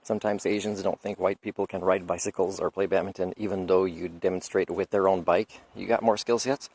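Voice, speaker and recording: A man's voice: low voice, fairly even intonation, brisk, darkish tone, no room sound. A man with a French accent talking in a rambling, opinionated roadside monologue, chuckling as he goes. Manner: opinionated, digressive, chuckles often. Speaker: vlogger. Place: outdoors by a road, on a motorcycle trip.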